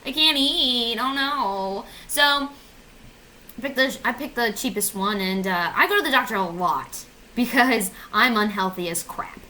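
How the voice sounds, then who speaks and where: Bright-voiced sarcastic young woman. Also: mid-range voice, normal speed, slight background noise, rough recording. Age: 20s. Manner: sarcastic, swearing, self-mocking. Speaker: vlogger. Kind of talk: casual comedic rant.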